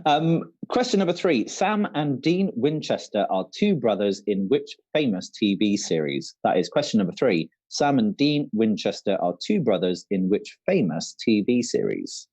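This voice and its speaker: A low-pitched man with a lively, swinging delivery hosts a quiz night over a video call. He reads every question twice at an unhurried pace and chats casually in between, and the stream sounds dull and lo-fi. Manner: chatty, repeats each question slowly. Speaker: quiz co-host.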